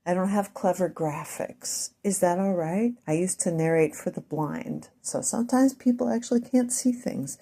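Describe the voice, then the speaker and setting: Midwestern lady rambling to her viewers, talks slow on purpose, kinda mellow dark voice. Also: lowish voice. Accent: Midwestern American. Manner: deliberate, speaks slowly on purpose; wandering, self-interrupting asides. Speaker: vlogger. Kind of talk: rambling monologue to camera.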